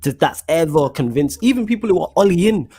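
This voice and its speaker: A man co-hosting a football podcast, chatting in a slangy, animated way and reading out viewer comments. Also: fairly high pitch, fast, husky, dry recording. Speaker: podcast co-host. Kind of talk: casual football podcast chat.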